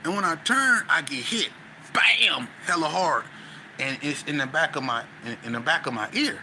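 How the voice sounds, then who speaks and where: A man, a podcast guest, tells a story in a lively, slangy way and acts out scenes with sound effects. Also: on the high side, fairly quick, slight background noise. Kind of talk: animated storytelling.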